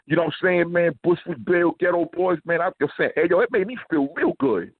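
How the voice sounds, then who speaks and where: A man's voice: high voice, animated, brisk, breathy edge, no room sound. A man, casually telling stories as a guest, filling his talk with "man" and "you know what I'm saying". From New York. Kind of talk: casual storytelling. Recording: tinny phone line.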